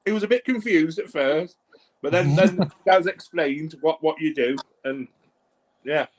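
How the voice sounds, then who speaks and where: Bloke, co-host, laid back and rambly, slightly high voice. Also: male voice, measured pace. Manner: easygoing, laughs often, loose rambling phrasing. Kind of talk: casual live stream chat.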